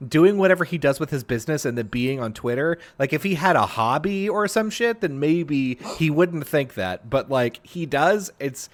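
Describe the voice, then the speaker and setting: A man's voice: fairly high pitch, lively intonation, normal speed, few pauses. A man from South Texas, co-hosting a podcast in casual chat and telling rambling stories full of "like". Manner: rambling, loose storytelling with frequent "like". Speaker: podcast co-host.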